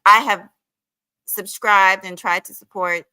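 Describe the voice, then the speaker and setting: A woman's voice: mid-range voice, steady tone, slow pace, bright, forceful tone, clear, resonant tone, no echo, low-quality recording. A woman in her forties hosting a casual livestream commentary, chatty and calling her viewers honey. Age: 40s.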